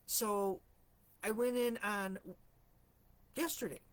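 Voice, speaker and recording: A woman hosting a casual live chat, telling stories in a chatty way, clearing her throat often, her morning voice slightly rusty. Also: medium pitch, fairly even intonation, takes it slowly. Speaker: host of a live stream for empaths.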